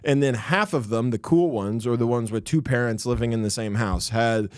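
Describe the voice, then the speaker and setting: A man's voice: mid-range voice, moderate pace, no room sound, clean studio sound. A man co-hosting a comedy podcast, teasing his partner bluntly in casual banter.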